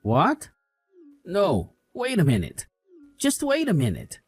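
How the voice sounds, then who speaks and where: A man's voice: high-pitched, wildly swooping pitch, slow pace, slightly rough, no echo, faint music behind, heavily acted. A man playing a scornful, mother-obsessed husband. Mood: panicked. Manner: scolding, contemptuous. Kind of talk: voiced drama story.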